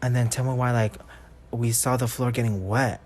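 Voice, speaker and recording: A young man in casual podcast chat, swearing freely as he spins school stories. He laughs through his own punchlines. His voice sits at an ordinary pitch. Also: steady tone, moderate pace, a little mellow, a little hiss or hum. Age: young adult. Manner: loose storytelling, heavy cursing, laughing as he goes. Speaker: podcast co-host.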